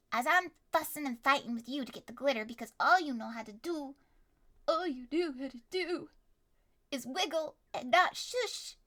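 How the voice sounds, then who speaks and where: A young woman running a tabletop story game as game master, animated and quick to yell and laugh. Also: high voice. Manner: animated, bursts into yelling and laughter.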